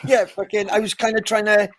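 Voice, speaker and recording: A man talks loosely and at length, swearing and laughing as he goes. His voice sits a little high, and the sound is close and dry with no room around it. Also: flat delivery, normal speed, fairly bright tone, no room sound. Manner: rambling, swears freely, laughs often. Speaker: band member co-hosting a podcast. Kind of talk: casual chat.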